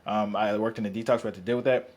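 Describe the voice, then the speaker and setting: A man's voice: fairly low pitch, fairly even intonation, very fast, darkish tone. A man who works as a fitness coach, talking bluntly and profanely in casual podcast chat, rambling with restarts.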